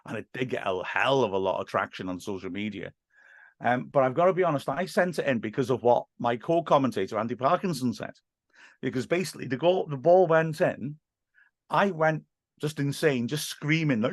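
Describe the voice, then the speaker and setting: A man with a Welsh accent, a guest on a podcast, chatting casually and telling animated stories with frequent restarts. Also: medium pitch, moderate pace, dry recording, studio quality. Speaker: podcast guest, football commentator. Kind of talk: casual chat.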